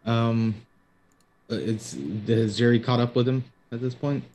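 A man's voice: mid-range voice, little pitch movement, a little slow, a little mellow, low-quality recording. A man playing a tabletop game, speaking hesitantly and stammering as he describes his character's moves. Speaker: player. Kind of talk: casual tabletop play.

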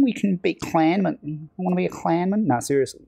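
Mellow-voiced man rambling while streaming. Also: on the high side, moderate pace, gravelly, hardly any pauses, dry recording. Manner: rambling, self-mocking banter with chat. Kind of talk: casual live game-stream commentary.

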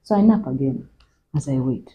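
Low-voiced Ugandan woman telling a story. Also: animated, normal speed, mellow, dull audio. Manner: switches between Luganda and English, conversational. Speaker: interview guest. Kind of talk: personal storytelling in interview.

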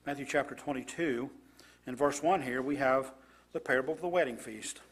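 A man's voice: medium pitch, a little fast, a bit bright, breathy edge. A man preaching a sermon, reading scripture aloud and commenting with rhetorical questions to his congregation.

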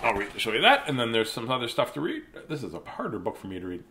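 A man's voice: medium pitch, huge pitch swings, quick pace, sharp tone, slight background noise. A man reading a children's picture book aloud, with chatty, chuckling asides. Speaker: storybook reader.

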